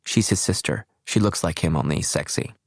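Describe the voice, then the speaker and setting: A man's voice: deep voice, moderate pace, gravelly, slightly rough, dry recording, studio quality, exaggerated voice. A man voicing an anxious, scattered young woman who talks in an eager, chatty and slightly flustered way.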